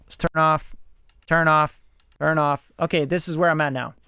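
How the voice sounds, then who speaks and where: A man walks through his studio vocal setup in a loose, chatty way, with a smooth and resonant tone sitting a touch higher than most men's. His voice comes close and dry through a studio mic, with no room around it. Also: fairly even intonation, brisk, sharp tone, no echo. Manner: loose, conversational, repeats mic checks, occasional swearing. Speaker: studio engineer and host. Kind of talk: casual hands-on studio demo. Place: home recording studio. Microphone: studio vocal mic through preamp and compressor.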